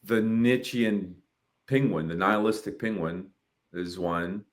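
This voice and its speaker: Man in his thirties, very low voice, animated podcast chat, swears a lot. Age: 30s. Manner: animated, swearing, quick bursts. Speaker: podcast co-host. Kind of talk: casual chat.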